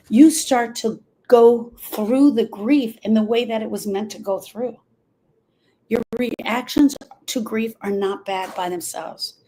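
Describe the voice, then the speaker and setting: Husky-voiced woman coaching on grief. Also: mid-range voice, dark tone. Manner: earnest, repeats phrases for emphasis. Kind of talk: live-stream talk.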